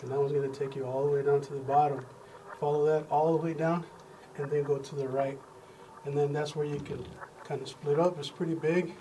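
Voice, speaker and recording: Man, local guide, steady directions, heard from off-mic with noise. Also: a little high, fairly quick, muffled recording. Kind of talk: giving directions. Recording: distant voice with background noise.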